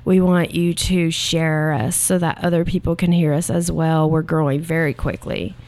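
Low, creaky young woman, easygoing. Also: flat delivery, moderate pace, darkish tone. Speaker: podcast co-host. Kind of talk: casual podcast chat.

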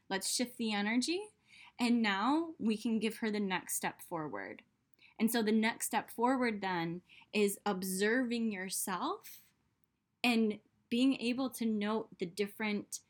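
Chatty young woman talking self-growth. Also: medium pitch. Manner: chatty, many "like" fillers. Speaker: self-development podcaster. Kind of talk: casual monologue.

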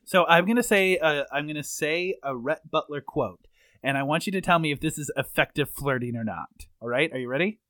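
A man's voice: on the high side, a little fast, fairly bright tone, dry recording. A man co-hosting a casual movie review chat, thoughtful and careful to qualify his points. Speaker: podcast co-host.

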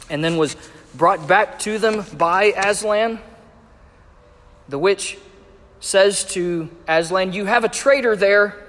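A man preaching a sermon, measured and emphatic as he reads and explains scripture. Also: high-pitched, a bit bright. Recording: echoey hall with long reverb.

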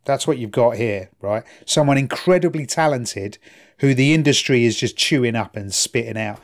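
Brief: man, mid-pitched, chatty storyteller who keeps checking in with his listener. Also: moderate pace. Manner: chatty, explaining, asks for agreement. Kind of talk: casual chat.

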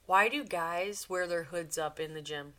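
A woman co-hosting a casual podcast with a bright, sharp voice. Her delivery is dry and wry, landing deadpan quips in a relaxed chat. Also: lowish voice, a little slow. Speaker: podcast co-host.

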